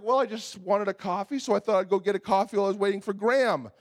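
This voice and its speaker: A man, preaching and telling a funny personal story with animated, exasperated retelling. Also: high voice, fast talker. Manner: animated storytelling, acts out his own exasperation. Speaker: pastor. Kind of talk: sermon with a humorous personal story.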